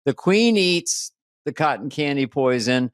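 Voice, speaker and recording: A man co-hosting a podcast, riffing in an animated, jokey way. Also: mid-range voice, clear, resonant tone, dry recording, studio quality. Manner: animated, jokey, quick to riff. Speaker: podcast co-host. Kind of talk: casual comedic chat.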